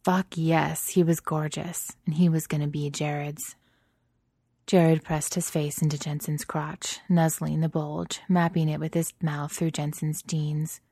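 A woman reading erotic fiction aloud in a soft, intimate, steady manner, slipping into breathy whispers at times. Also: sits low, unhurried, no echo, clean studio sound. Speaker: narrator.

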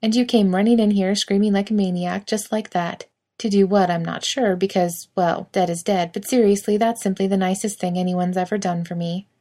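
A woman's voice: medium pitch, fairly even intonation, moderate pace, mellow, close to an everyday voice. A woman reading the part of a playful, affectionate young man with a wry, teasing manner.

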